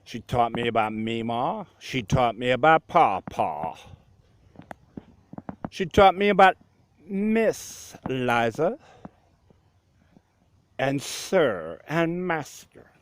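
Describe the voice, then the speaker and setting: Slow, reflective storytelling man. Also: mid-range voice, lively intonation. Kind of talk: personal story narration.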